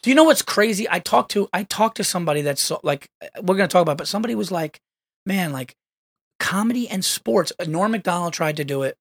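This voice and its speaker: Animated, foul-mouthed male podcast host. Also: high voice, racing, hardly any pauses, dry recording, studio quality. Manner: animated storyteller, swears freely, acts out quotes. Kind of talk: casual podcast chat.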